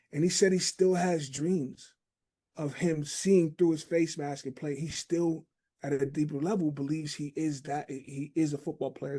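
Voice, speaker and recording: A man hosting a relaxed podcast chat, his voice a bit higher than most men's but mellow and warm. He muses aloud, circling back to his point through everyday comparisons and small stories. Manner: reflective, storytelling with homely analogies. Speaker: podcast host. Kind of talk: casual conversation.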